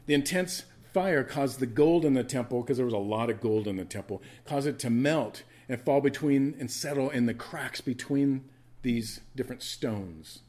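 A man's voice: medium pitch, a little mellow. Emphatic male preacher teaching scripture. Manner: emphatic teaching, repeats key words for stress, asks listeners to take notes; conversational asides with fillers. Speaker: pastor. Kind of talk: sermon.

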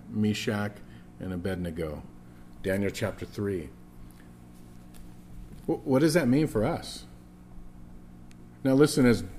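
A man's voice: on the low side, a little mellow, a little hiss or hum. Emphatic man preaching a sermon. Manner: emphatic, repeats for stress, frequent restarts. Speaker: pastor.

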